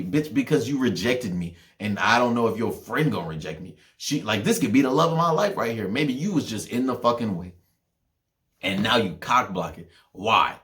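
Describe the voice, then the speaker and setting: A young man hosting a podcast, ranting in a heated, profane way, with loud outbursts and low mutters. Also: expressive, a little fast. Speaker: podcast host.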